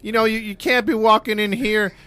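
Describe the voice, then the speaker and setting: A man's voice: sits high, flat delivery, brisk, pushed and bright, clean tone, pitched above the performer's own voice. A man putting on a sassy house-rules lecturer. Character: mocking man laying down silly house rules.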